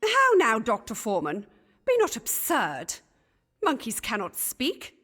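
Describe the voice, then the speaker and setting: Casting: flustered period gentlewoman, high bright voice with wide swoops, chattering old-fashioned speech. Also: huge pitch swings, a little slow, soft background music, exaggerated voice. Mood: indignant. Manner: chattering archaic speech, easily scandalised. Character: fussy, gossipy Elizabethan gentlewoman.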